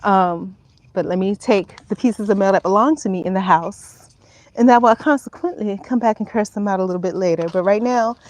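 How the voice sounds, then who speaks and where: A frank woman in her fifties chats casually at home in a middle-pitched voice. She rambles from thought to thought, laughs easily and swears without fuss. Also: fairly quick, dry recording, low-quality recording. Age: 50s. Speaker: vlogger. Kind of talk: casual talk to camera. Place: at home, indoors.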